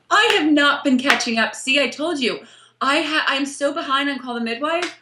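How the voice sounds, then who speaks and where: A woman co-hosting a casual chat, teasing and playful, with quick asides. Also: high voice, noisy background. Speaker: podcast co-host. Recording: echoey room.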